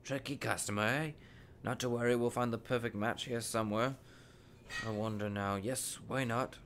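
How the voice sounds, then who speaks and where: A man voicing an eerie old wandmaker in a read-aloud storybook, lifting his voice a little above his own and lingering over every word. The old man sounds precise and quietly uncanny, with a faint hiss of noise behind him. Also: mid-range voice, fairly even intonation, moderate pace, lightly acted. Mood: coaxing.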